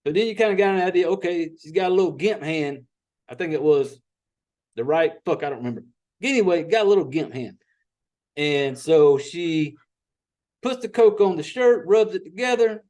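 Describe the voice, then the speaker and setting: High-voiced Southern man recapping a movie. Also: animated, normal speed, a little mellow. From Southern United States. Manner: profane, rambling storyteller. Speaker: podcast host.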